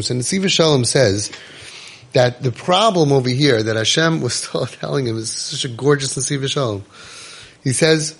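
A man's voice: fairly high pitch, breathy edge. A man giving a Torah class. He reads Hebrew verses, explains them in English and keeps asking his listeners rhetorical questions. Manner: animated, asks rhetorical questions, mixes Hebrew quotes with English. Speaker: Torah teacher.

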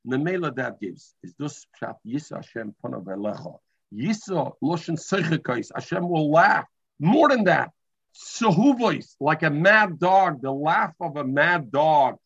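A man's voice: on the high side, vocal fry, fairly bright tone, breathy edge, no echo. A man teaching a Talmud class, mixing English with Hebrew and terms and often restarting his sentences. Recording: dull lo-fi recording.

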